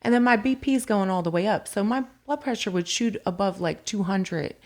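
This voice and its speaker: A woman guest on a podcast, telling her story in casual chat, lively and full of "like" fillers. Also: mid-range voice, a little fast.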